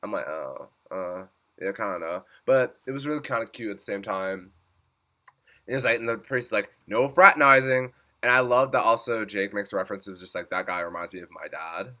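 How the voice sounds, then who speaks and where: An excitable man in casual recap mode, his voice bright and cutting. He swears freely, laughs often and jumps up high when something delights him. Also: moderate pace. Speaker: YouTube reviewer.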